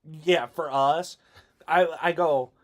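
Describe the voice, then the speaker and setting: A man co-hosting a podcast in casual chat, joking and swearing, sometimes yelling mock chants. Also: on the high side, steady tone, slow pace. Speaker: podcast co-host.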